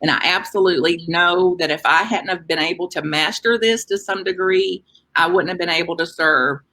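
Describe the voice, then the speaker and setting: A middle-aged woman delivering a sermon in an easy, conversational way. Her voice sits fairly low for a woman, and she leans into key words with lively emphasis, then eases back into gentle reflection. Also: moderate pace, rough recording. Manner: conversational, warm-hearted preaching with lively emphasis. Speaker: minister.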